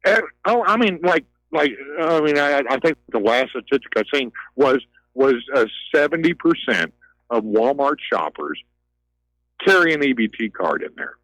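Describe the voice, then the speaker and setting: A man's voice: mid-range voice, sing-song, normal speed, a bit bright, no room sound, rough recording. A man ranting heatedly on a talk radio call, repeating himself and swinging between outrage and despair. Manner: agitated, ranting, repeats words.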